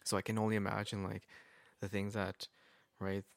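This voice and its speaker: A man's voice: fairly low pitch, completely flat delivery, normal speed, gravelly, dry recording. A man in casual podcast chat, telling an earnest, reflective story about his past work. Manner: earnest, reflective, with fillers like right. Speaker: podcast co-host.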